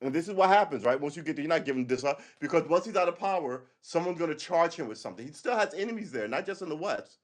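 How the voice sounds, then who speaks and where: A man's voice: fairly high pitch, animated, fast talker, hardly any pauses. A man hosting a livestream, delivering a rambling, sarcastic political monologue with frequent profanity. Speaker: livestream host.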